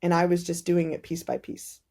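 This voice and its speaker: A woman guest on a podcast, telling her faith story in casual, animated conversation and acting out the dialogue. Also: lowish voice, normal speed. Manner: animated storytelling, many "like" fillers, acts out dialogue. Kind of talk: personal testimony in casual conversation.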